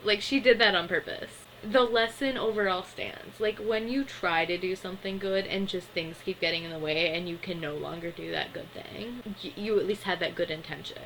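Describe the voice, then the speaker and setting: A woman's voice: lowish voice, steady tone, moderate pace, hardly any pauses, a bit bright, rough recording. A young adult woman giving a casual, chatty recap of a cartoon episode, full of fillers and small laughs.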